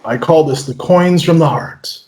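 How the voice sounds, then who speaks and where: Male magician guest, slightly raised pitch, energetic storyteller, stammers through restarts. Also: moderate pace. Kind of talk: interview conversation.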